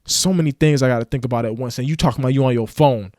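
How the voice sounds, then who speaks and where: A man's voice: mid-range voice, very fast, darkish tone, no room sound, clean studio sound. A man giving a casual motivational rant to camera, slangy and preachy, now and then acting out mocking voices. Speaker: motivational vlogger.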